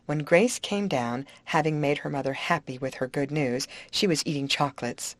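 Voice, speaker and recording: A woman narrating an audiobook in an even, measured reading style. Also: deep voice, dry recording.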